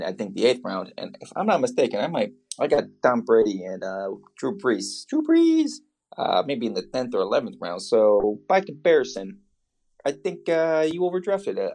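A man co-hosting a fantasy football podcast in casual chat, dry and jokey in a measured way. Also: on the low side, a little mellow.

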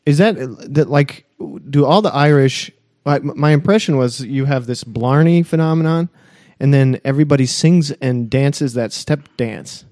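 Podcast co-host and Bible scholar; a man with a medium voice, playful and quick to laugh, dry studio sound. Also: mid-range voice, warm tone, no room sound. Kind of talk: casual podcast banter.

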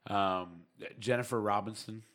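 A man's voice: on the low side, a little slow, fairly bright tone. Laid-back male podcast host. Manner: loose, joking, runs the plugs and sign-off. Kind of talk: casual live podcast chat.

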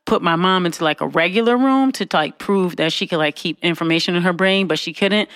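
A woman on a podcast telling a family story in casual chat, animated and laughing, with frequent asides to her listeners. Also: fairly quick, dry recording, studio quality. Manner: animated, laughing, acts out quotes in a high voice; conversational, with frequent "you know what I'm saying".

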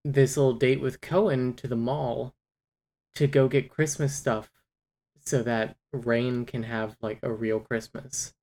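Mellow and mid-range, this co-host keeps a fairly even intonation and measured pace while summarizing a novel on a podcast. It's a loose, meandering book chat full of fillers and false starts.

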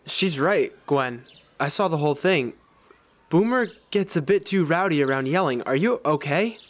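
A man's voice: fairly high pitch, animated, normal speed. A man acting an easygoing, apologetic dog owner in an audio drama. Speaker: character Mike.

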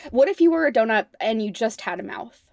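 A woman co-hosting a casual podcast, wry in tone and given to fillers and trailing asides. Her pitch moves in a lively way. She is recorded dry and close. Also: a little fast, dry recording. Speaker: podcast co-host. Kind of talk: casual chat.

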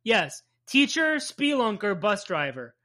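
A man's voice: extremely high pitch, big pitch swings, normal speed, sharp tone. A man from New Jersey with a Jersey accent, co-hosting a casual recap podcast, rambling and swearing as he laughs along. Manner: profane, rambling, laughs often. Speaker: podcast co-host.

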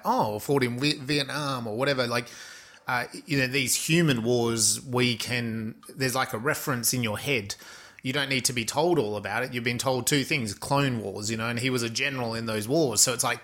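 A man's voice: medium pitch, a bit bright. A man in casual film-discussion chat, rambling with many fillers and restarts.

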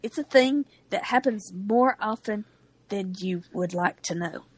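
A woman co-hosting a podcast, chatting casually with quick, playful asides about a TV show. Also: mid-range voice, husky. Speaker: podcast co-host. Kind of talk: casual TV recap chat.

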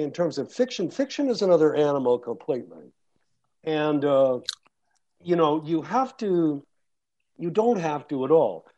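An audiobook narrator and guest speaker with a slightly high voice and a darkish tone, recorded with the highs cut off. He talks casually to an audience, rambling, with many restarts and fillers.

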